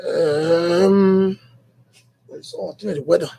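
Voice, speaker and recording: High-voiced Liberian radio host musing aloud. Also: male voice, fairly even intonation, takes it slowly, creaky, warm tone. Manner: rambling, repeats phrases, many fillers and restarts. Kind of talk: morning radio talk show monologue. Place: radio studio.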